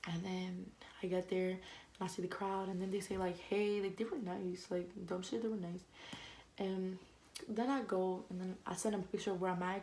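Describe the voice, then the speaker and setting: A young woman vlogger telling a casual storytime, fast and slangy, full of "like" and quoted back-and-forth. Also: on the low side, a little mellow, slight background noise, low-quality recording.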